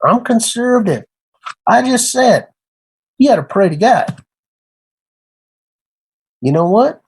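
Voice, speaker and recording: A man's voice: high-pitched, very animated, unhurried, creaky, long pauses, darkish tone, slightly rough, poor audio. A man who works as a computer repair tech, talking in an emphatic, rambling casual rant that repeats itself.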